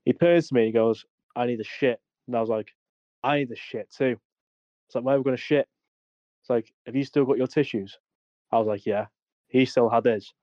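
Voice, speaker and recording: A young man with a mid-pitched voice tells a rowdy, sweary army story on a podcast, laughing through it. The sound is dry and dull, like a lo-fi home recording. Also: steady tone, a little fast, pauses often, darkish tone, no room sound. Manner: sweary, laughing anecdote-telling. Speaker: podcast co-host. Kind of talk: casual storytelling.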